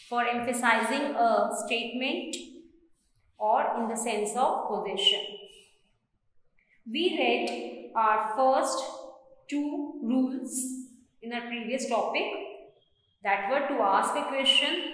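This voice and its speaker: A woman with an Indian accent teaches a grammar class at a very slow, deliberate pace. Her voice sits a little high, and every point is laid out step by step. The room rings with heavy echo and a long reverb tail. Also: fairly bright tone. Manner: slow, careful explaining. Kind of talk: grammar lesson.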